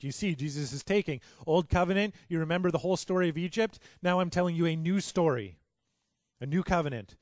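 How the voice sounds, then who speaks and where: A middle-aged male pastor giving a sermon, building to loud, passionate peaks and falling back to a soft, quiet delivery. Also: a little fast, no room sound. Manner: builds to loud, high-pitched passion, then drops to soft.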